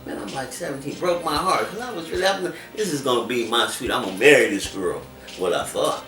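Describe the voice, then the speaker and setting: A man telling his life story in an interview, animated and acting out other people's voices as he talks. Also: mid-range voice, brisk. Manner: animated, acts out voices in quotes. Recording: echoey room, distant mic, music behind.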